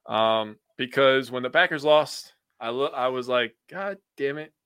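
A young man from Wisconsin co-hosts a sports podcast, speaking bluntly and now and then swearing. His voice is bright and crisp. It is recorded dry and close, with no room sound. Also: mid-range voice, a little slow, no room sound. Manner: blunt and opinionated, with some swearing. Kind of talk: casual chat.

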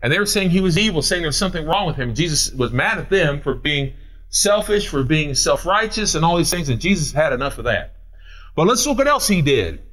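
A man preaching from the pulpit in a voice that rises and falls a lot. He reads scripture at a slow, deliberate pace. Then he breaks it down in casual talk with a Midwestern American accent. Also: fairly high pitch, animated, fairly bright tone. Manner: reads scripture slowly, then explains in plain everyday talk. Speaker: pastor. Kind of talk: sermon.

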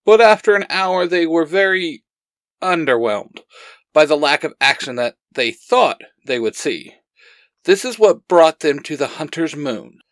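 A man's voice: fairly high pitch, expressive, measured pace, a bit bright, no room sound. Man reading a fan story aloud. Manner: earnest storytelling, acting out dialogue.

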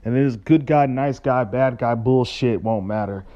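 A man's voice: mid-range voice, unhurried, mellow. Blunt man on a dull call line. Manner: blunt, swears freely. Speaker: caller. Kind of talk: casual advice.

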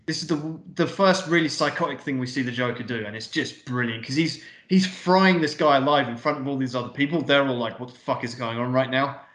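A man co-hosting a film review podcast, talking casually and excitedly, swearing and acting out scenes. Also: medium pitch, fairly quick, hardly any pauses, echoey room. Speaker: podcast co-host.

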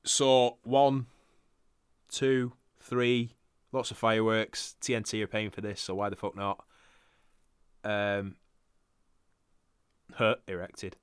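A man's voice: lowish voice, flat delivery, takes it slowly, long pauses, clear, resonant tone, dry recording, clean studio sound. A man hosting a podcast in casual chat, swearing freely and laughing often. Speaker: podcast host. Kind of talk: casual chat, reviewing wrestling results.

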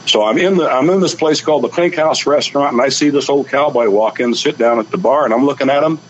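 Older man, folksy storyteller, mid pitch, lo-fi radio sound, faint noise. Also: fast talker. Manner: folksy anecdotal storytelling, acting out quoted voices. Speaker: guest, author and rancher. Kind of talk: storytelling on a radio talk show.

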